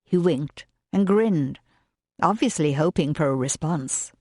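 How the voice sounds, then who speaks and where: Slow low-voiced woman narrator. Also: expressive, a little mellow, dry recording, clean studio sound. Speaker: audiobook narrator. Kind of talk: scripted narration.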